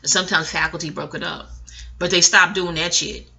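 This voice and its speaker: A bright, forceful voice belongs to a middle-aged woman from New whose colors every line. She rambles through stories at home, swearing freely and breaking into laughter as she goes. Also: lowish voice, fairly even intonation, fairly quick. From New York. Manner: profane, laughing, digressive storytelling. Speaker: vlogger. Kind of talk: casual rambling monologue.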